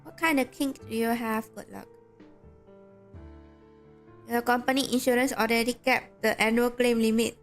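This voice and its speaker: Woman streamer chatting away to chat, rambly, slightly high voice. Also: steady tone, moderate pace, pauses often. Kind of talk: casual livestream chat. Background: game music.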